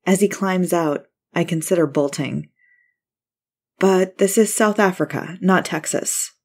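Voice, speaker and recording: Low-voiced woman narrating a story. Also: a little slow, a little mellow, slightly rough.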